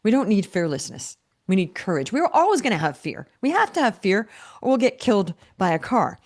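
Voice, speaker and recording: In an interview, a business coach aged 50 or older tells rambling stories full of restarts and quoted self-talk. She speaks a little fast in a mid-range voice with big pitch swings.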